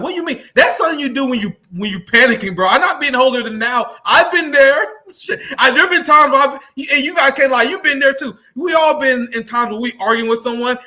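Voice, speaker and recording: Lively high-voiced man ranting. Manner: excited, profane, loud reactions. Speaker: stream host. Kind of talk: casual political commentary.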